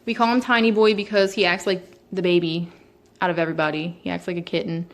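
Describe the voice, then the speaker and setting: A young woman casually introducing her pet cats at home, chatty, sometimes slipping into high baby talk for them. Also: flat delivery, fast talker. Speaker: vlogger. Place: home, indoors.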